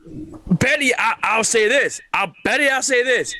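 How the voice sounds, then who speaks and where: A man co-hosting a podcast, chatting casually about wrestling in an emphatic, animated way and swearing freely. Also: very high voice, a little slow. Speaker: podcast co-host.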